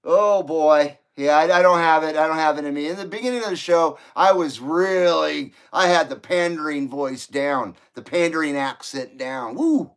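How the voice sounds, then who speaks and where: A man's voice: a little high, normal speed, hardly any pauses, smooth. A man from California hosting a live stream, reading viewer comments in a casual, joking, profane and rambling way. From Ventura County, California. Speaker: livestream host.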